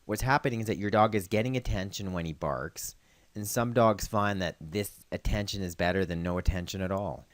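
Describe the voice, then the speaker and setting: A man working as a veterinarian host, explaining dog training in a calm, instructional way. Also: deep voice, brisk, no room sound. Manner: calm instructional, calling dogs loudly and praising them. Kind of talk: scripted narration with outdoor demonstration.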